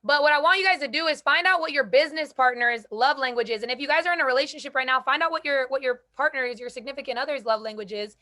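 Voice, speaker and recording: A young woman hosting a group call, giving an energetic, emphatic motivational talk with casual slang. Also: high voice, fast talker, few pauses. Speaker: host speaking to a call group.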